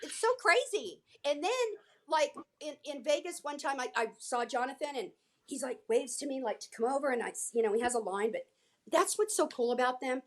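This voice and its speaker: An older woman telling a story as a guest in a casual interview, chatty and animated, acting out what people said. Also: sits high, brisk. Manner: chatty, animated, acts out quotes. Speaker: guest, former featured extra.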